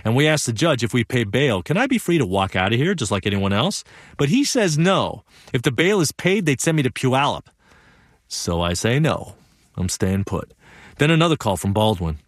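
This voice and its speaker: Young man, lively one-man stage storytelling. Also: medium pitch, moderate pace, no room sound, studio quality. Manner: vivid, animated storytelling. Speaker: solo stage performer and narrator. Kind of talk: one-man theatrical monologue.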